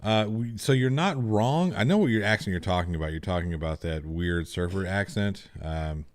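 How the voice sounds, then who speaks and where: Easygoing co-host, very deep male voice, Western American accent. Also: moderate pace, dry recording. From United States. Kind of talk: casual livestream chat.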